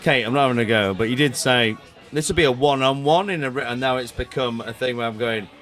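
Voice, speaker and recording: A man's voice: mid-range voice, quick pace, fairly bright tone, faint music behind. A man in his forties with a northern English accent, a comedian guest bantering and laughing often in a casual chat. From northern England. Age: 40s.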